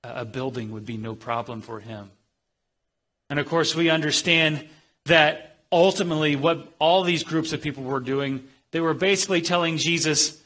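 A man's voice: a little high, normal speed, fairly bright tone. A man preaching a sermon, earnest, with frequent restarts and dramatic quoted voices.

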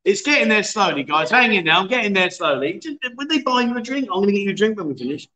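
A man's voice: sits high, sing-song, fast, bright, forceful tone, echoey room. A man in his fifties hosting a casual livestream from a bar, bantering, laughing and reading out viewer comments. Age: 50s. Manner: jokey, laughing, chatty banter. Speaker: livestream host. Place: bar in a city.

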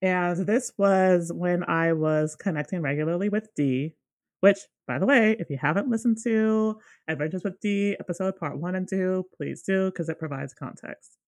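A young woman co-hosting a podcast, telling a personal story in a casual, animated way with lots of fillers. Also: lowish voice, normal speed, no echo, studio quality. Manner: animated, many fillers, acts out dialogue. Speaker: podcast co-host.

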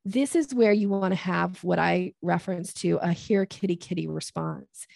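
Woman guest on a podcast, bit of vocal fry, dry close mic, acts out little voices when she explains stuff. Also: lowish voice, normal speed, dry recording. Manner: animated, acts out quoted voices. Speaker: podcast guest, sales coach. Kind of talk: casual podcast interview.

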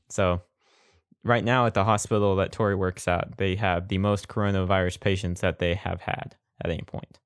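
A man's voice: fairly low pitch, no room sound, clean studio sound. A young man co-hosting a casual podcast chat, laid-back and rambling. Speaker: podcast co-host.

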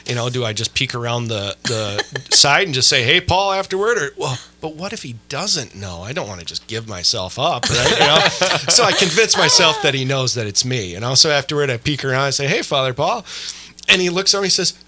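Casual podcast host, male, very bright tone, animated anecdote-teller with a faint hum behind. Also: mid-range voice, a little fast, few pauses. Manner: animated storyteller, many fillers. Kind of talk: casual chat.

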